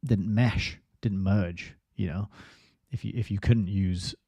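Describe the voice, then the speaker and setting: A man's voice: lowish voice, takes it slowly, dark tone, husky, no room sound. A man hosting a book review livestream, rambling casually and reading viewer comments aloud. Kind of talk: casual live-stream chat.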